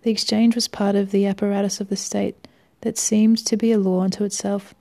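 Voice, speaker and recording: A woman narrates a first-person story in a wry, measured way, sometimes dropping almost to a whisper. Her low, gravelly voice has a dark, mellow tone, and her pitch stays fairly flat.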